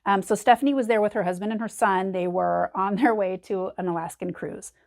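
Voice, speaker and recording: A woman's voice: mid-range voice, steady tone, brisk, darkish tone. A woman co-hosting a casual podcast, chatting in an easygoing way with many fillers. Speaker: podcast co-host.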